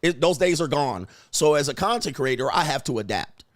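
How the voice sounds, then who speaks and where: A man's voice: on the high side, expressive, fairly quick, dry recording, clean studio sound. A man hosting a livestream, riffing in slangy talk, laughing often and mimicking people. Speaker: host and commentator. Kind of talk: livestream commentary.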